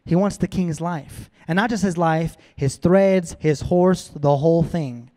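A man preaching a sermon, retelling a story in a casual, animated way. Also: a little high, unhurried. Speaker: pastor.

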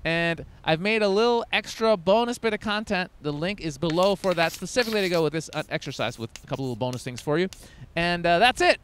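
A man in his thirties coaching on first impressions, talking emphatically and swinging into loud demonstrations. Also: high voice, animated, quick pace, slight background noise. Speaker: dating coach. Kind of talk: energetic coaching talk to camera.

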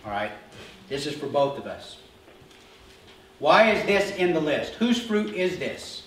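A middle-aged pastor preaches in a loose, storytelling way, slipping into the voices of his family with a grin. His voice sits a touch high for a man and rings through a very echoey church room. He is picked up from some distance, with a faint hiss underneath. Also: sing-song, measured pace, a bit bright. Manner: storytelling, acts out quoted family dialogue with humor. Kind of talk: conversational sermon. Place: church sanctuary.

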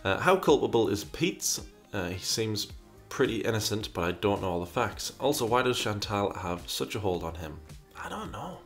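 With soft music in the background, a man whose voice sits on the low side speaks at a moderate pace and sounds very animated. He hosts a casual question session, reading viewer questions aloud, musing over answers, and repeating himself frequently.

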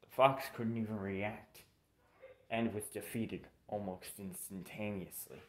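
A man's voice: lowish voice, fairly even intonation, measured pace. A young man casually narrating a fan story, rambling and correcting himself with informal asides. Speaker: channel narrator.

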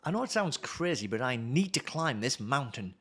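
A determined young woman climber from a video game, earnest and defiant, as a man reads her lines. The delivery stays lively and bright, close to the reader's own voice. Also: medium pitch, moderate pace, breathy edge.

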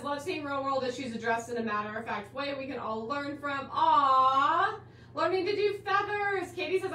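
Bubbly woman host, high and roomy. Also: a bit bright. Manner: bubbly, gushing, calls viewers guys and my dear. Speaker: host of a live quilting class stream. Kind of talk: enthusiastic live-stream welcome. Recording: roomy, slightly distant with faint background hiss.

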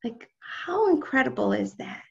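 Gravelly woman teaching over a dull video call. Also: high-pitched, normal speed. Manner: expressive, talks straight to the audience and reads out their chat comments. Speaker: teacher of a live online class. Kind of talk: inspirational religious class.

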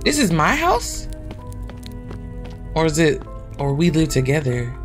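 Woman gamer host, chatty and animated, curses freely, talks to viewers, lowish voice that swings a lot, faint game music. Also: a little slow. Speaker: gaming channel host. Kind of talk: casual horror game commentary.

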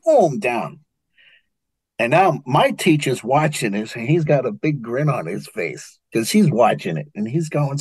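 A man's voice: medium pitch, a little slow, slightly rough, dry recording. An older man with a New York accent, telling martial arts stories as a guest in an interview. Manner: animated storyteller, acts out quotes. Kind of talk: storytelling interview.

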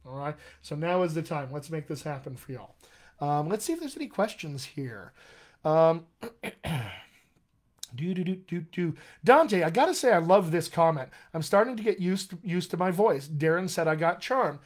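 Dialect coach guy on a live stream, fairly high voice, super encouraging, hypes up his viewers. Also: sing-song, moderate pace. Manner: enthusiastic, encouraging, addresses viewers by name. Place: home room, live video stream.

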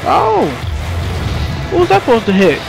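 A woman doing let's play commentary, trash-talking enemies with profanity and loud whoops. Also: sits high, wildly swooping pitch, moderate pace, creaky. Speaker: gamer playing on stream. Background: game music and gunfire.

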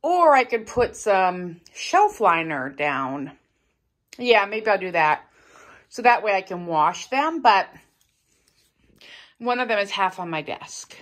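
A woman vlogging casually from home, chatty and rambling, now and then talking to her cats in a soft baby voice. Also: mid-range voice, very animated, slow, long pauses. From United States. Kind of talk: casual day-in-the-life vlog.

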